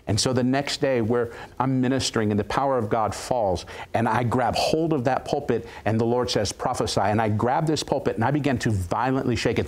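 A male guest preacher telling a story of his ministry with animated, dramatic retelling and quoted voices. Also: medium pitch, moderate pace. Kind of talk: storytelling testimony.

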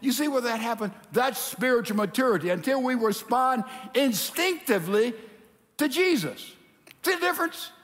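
A pastor preaching a sermon in a lively, animated way, acting out the people in his story. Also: very high-pitched, normal speed. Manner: animated preaching, acts out quotes. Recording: reverberant hall.

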